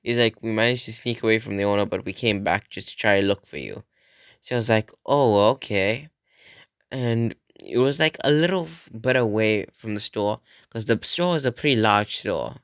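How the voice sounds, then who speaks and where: A man's voice: on the low side, moderate pace, clean tone, no echo, studio quality. A fourteen-year-old boy casually telling a rambling, profane story as a vlogger, often acting out what his friends said. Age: teens. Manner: rambling, swearing, acts out quoted friends in a raised voice.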